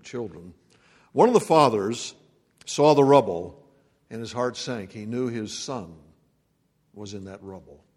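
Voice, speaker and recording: A man preaching a sermon as pastor, swinging between loud proclamation and hushed, quiet lines. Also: medium pitch. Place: church sanctuary. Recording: long reverb of a church hall.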